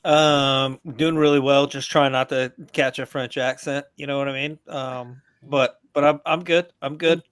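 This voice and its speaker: A man's voice: steady tone, unhurried, few pauses, clean tone, dry recording, clean studio sound. A man, a veteran guest on a podcast, talking casually and bluntly, joking as his voice climbs while he rants, over a video call. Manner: blunt, joking, gets louder and higher as he rants.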